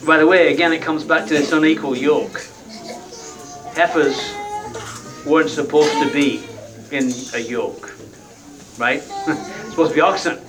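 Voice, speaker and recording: A man's voice: on the high side, fairly even intonation, unhurried, pauses often, far from the mic, over music, rough recording. A man preaching a sermon in a conversational, folksy way, often tagging his points with rhetorical questions.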